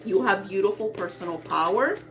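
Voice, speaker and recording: A woman doing a live psychic reading, talking softly with calm spiritual reassurance. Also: medium pitch, a little fast, faint music behind. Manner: soft, soothing, spiritual affirmations. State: emotional. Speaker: psychic reader.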